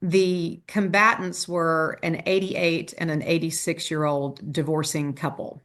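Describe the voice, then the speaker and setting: A woman trial lawyer, a podcast guest, telling stories with quick asides and restarts. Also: low voice, flat delivery, fairly bright tone.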